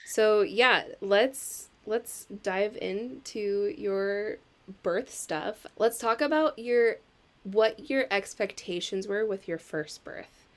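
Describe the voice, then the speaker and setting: A woman's voice: mid-range voice, slow pace. A woman who is a doula and hosts a podcast, giving a friendly intro and then asking loose, casual questions.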